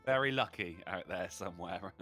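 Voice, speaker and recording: Bright-voiced man ranting crude jokes. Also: low voice, normal speed. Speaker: podcast co-host. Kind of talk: casual crude comedy chat.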